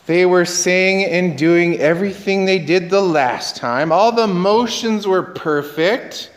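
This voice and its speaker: Male pastor, sermon, unhurried delivery, big echoing church. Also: high-pitched. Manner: conversational, quizzes the congregation, acts out quoted dialogue.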